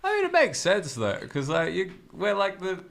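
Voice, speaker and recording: A man's voice: high voice, huge pitch swings, moderate pace, vocal fry, fairly bright tone. A young Australian man hosting a casual comedy podcast chat, laid-back and laughing often as he acts out drawling voices. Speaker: podcast host.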